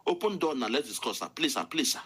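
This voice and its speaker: A man's voice: fairly high pitch, sing-song, fast, fairly bright tone, breathy edge, full character voice. A man with a Nigerian accent voicing pleading male officers who beg at a gate, wheedling over and over. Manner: wheedling, repetitive pleading in pidgin.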